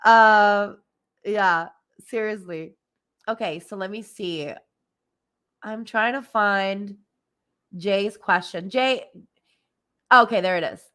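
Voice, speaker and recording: A woman's voice: mid-range voice, takes it slowly, long pauses, pushed and bright, smooth. A woman hosting a spiritual livestream, chatting casually and giggling often, with lots of fillers. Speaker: livestream host and spiritual reader.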